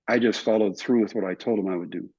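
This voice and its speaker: Husky older man telling animated stories. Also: fairly low pitch, fast. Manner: animated storyteller, acts out other people's lines. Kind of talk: telling stories in a relaxed interview. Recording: somewhat dull, muffled recording.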